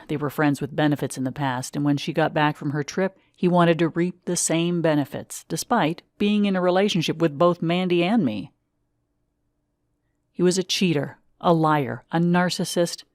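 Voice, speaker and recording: A woman reads a first-person memoir aloud in a measured, expressive way. Her voice sits low, and it is recorded close and dry with no room sound. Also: dry recording. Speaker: audiobook narrator. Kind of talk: memoir audiobook narration.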